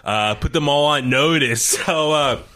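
A young man co-hosting a casual chat show, excitable and laughing often, with plenty of fillers. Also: on the high side, a little slow. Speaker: podcast co-host.

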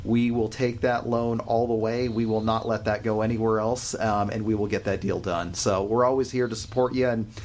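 Steady, reassuring lender boss. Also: male voice, on the low side, moderate pace, few pauses, slight background noise. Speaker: company head, mortgage lender. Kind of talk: conference call, business pitch.

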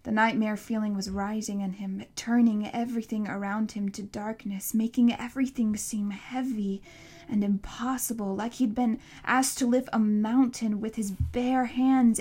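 A woman narrating an audiobook in a steady, expressive storytelling manner. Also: a little high, moderate pace. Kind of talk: audiobook reading.

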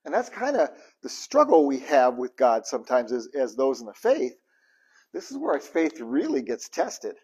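A man giving a conversational sermon, animated and asking his listeners questions. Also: on the high side, moderate pace, slightly rough. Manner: animated, asks the audience questions. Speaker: preacher.

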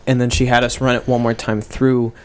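A young American man, a student actor, explaining rehearsals in a measured way in a radio interview. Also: medium pitch, flat delivery, a little hiss or hum. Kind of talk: casual interview chat. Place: radio studio.

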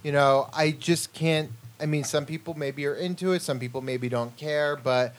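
A man's voice: fairly high pitch, fairly even intonation, moderate pace. A man in a casual chat, talking bluntly and crudely.

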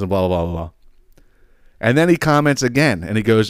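Male podcast host, mid-pitched, dry close sound, swears freely and rambles with stammers. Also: sing-song, fairly quick, smooth, dry recording. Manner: profane, rambling, stammering repeats. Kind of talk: casual solo podcast monologue.

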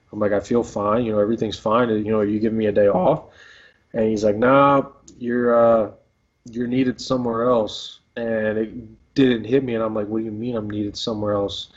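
A man's voice: fairly low pitch, slightly rough. A man in his twenties, a pro baseball player, telling a story casually in an interview with lots of fillers and restarts. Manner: rambling, filler-heavy, laid-back. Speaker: professional baseball player guest. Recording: dull lo-fi audio.

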